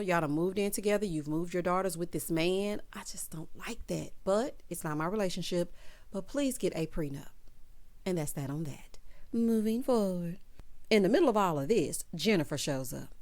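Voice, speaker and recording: A woman recaps a reality show in a sassy, chatty vlog. She talks to the cast as if they could hear her, and her pitch sits in the middle for a woman. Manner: sassy, animated, talks straight to the people she discusses. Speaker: recap vlogger.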